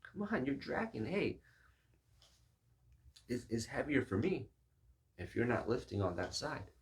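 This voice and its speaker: A man's voice: mid-range voice, very animated, a little slow, pitched above the performer's own voice. A man voicing an exasperated guy struggling to lift a heavy table with a lazy partner. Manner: exasperated urging. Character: fed-up man straining under a heavy table.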